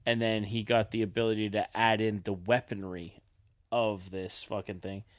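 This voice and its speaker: A man's voice: on the low side, flat delivery, moderate pace, no echo, studio quality. A man co-hosting a podcast, chatting enthusiastically and swearing casually. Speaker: podcast co-host. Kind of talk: casual chat.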